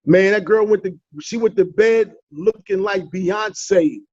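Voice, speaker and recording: A man's voice: high voice, measured pace, no echo, lo-fi sound. A man from the Bronx, a comedian telling playful, teasing stories in a casual interview. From the Bronx, New York. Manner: animated storyteller, playful teasing. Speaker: comedian guest.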